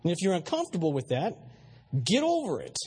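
Man, pastor, sermon, high-pitched, husky, emphatic, asks the audience questions. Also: huge pitch swings, a little fast, darkish tone.

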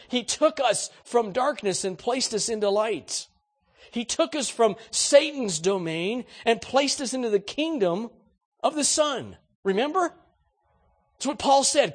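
Animated preacher with a husky voice. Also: male voice, very high voice. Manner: animated preaching, rhetorical questions to the congregation. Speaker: pastor. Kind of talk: sermon.

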